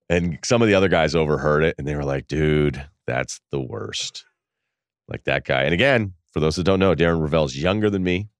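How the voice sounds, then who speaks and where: A man's voice: low-pitched, no echo, clean studio sound. A man hosting a podcast, telling a story casually, laughing and quoting people as he goes. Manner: animated, laughing, quotes people in voices. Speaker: podcast host.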